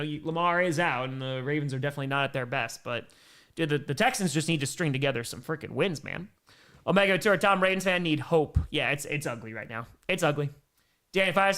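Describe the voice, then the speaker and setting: A young man hosting a casual live stream, reading viewer messages aloud and reacting in an animated way, swinging between low mumbles and loud excited bursts. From American Midwest.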